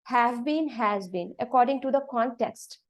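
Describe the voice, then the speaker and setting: Higher-voiced Indian woman explaining English grammar. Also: measured pace. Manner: patient, explanatory, mixes Hindi into English. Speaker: English trainer.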